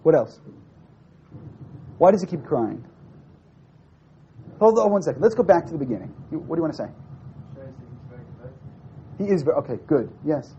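A man's voice: on the high side, normal speed, pauses often, a little hiss or hum. A man teaching a classroom text study, reading a source aloud, translating it line by line and firing questions at his students. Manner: questions the class, lively and probing. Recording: dull lo-fi classroom recording.

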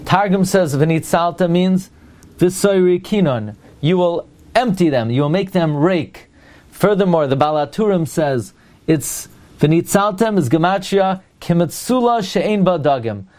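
A man teaching a Torah class. He asks rhetorical questions and pauses with fillers while he looks for the next word. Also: high voice, lively intonation, darkish tone.

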